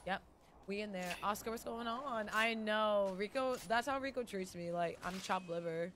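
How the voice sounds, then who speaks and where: A woman's voice: mid-range voice, normal speed, a bit bright, slight background noise. A woman playing a game with friends, teasing and easygoing in casual chat. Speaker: gaming teammate.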